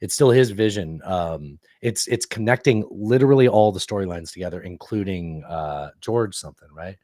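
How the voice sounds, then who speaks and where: A man's voice: deep voice, normal speed, darkish tone, dry recording, studio quality. A man co-hosting a podcast in casual chat, rambling and swearing freely, often losing track of names. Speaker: podcast co-host.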